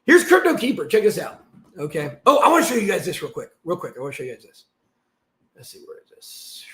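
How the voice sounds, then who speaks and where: A man hosting his channel, giving ranting commentary while reading through documents, swearing and swinging from muttering to shouting. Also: fairly high pitch. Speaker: channel host.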